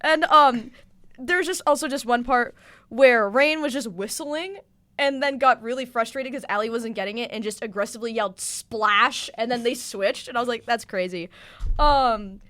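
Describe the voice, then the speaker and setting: A woman's voice: a little high, normal speed, fairly bright tone. A young woman co-hosting a casual podcast, giggling often as she eagerly retells comedy scenes. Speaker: co-host.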